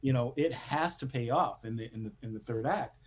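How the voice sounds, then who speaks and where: Husky man telling animated stories. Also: mid-range voice, a little fast. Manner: animated storyteller, acts out quotes, laughs often. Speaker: guest screenwriter. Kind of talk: casual interview chat.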